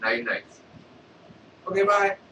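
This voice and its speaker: A man's voice: high-pitched, expressive, slow pace, echoey room, recorded from a distance, background noise. A man hosting a casual comedy monologue who rambles and keeps checking in with his listeners. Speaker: host.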